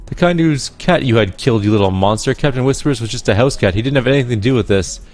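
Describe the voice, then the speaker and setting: A man's voice: on the low side, fast talker, darkish tone, faint music behind, lightly acted. A man reading game dialogue aloud, voicing a nervous young male hacker who whines and pleads. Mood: bickering. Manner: panicky and pleading.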